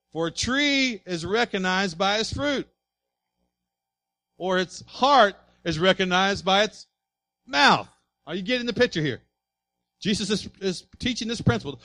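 High-voiced man preaching with force. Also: no echo. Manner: emphatic preaching, swings from soft asides to loud passages; asks the congregation rhetorical questions. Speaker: pastor. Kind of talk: sermon.

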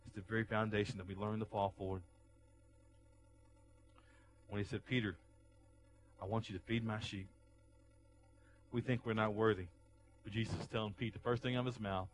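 Man preaching, soft to loud swings. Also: lowish voice, fairly even intonation, normal speed, long pauses, a little hiss or hum, rough recording. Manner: repeats words and restarts phrases while preaching. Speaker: pastor. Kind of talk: sermon.

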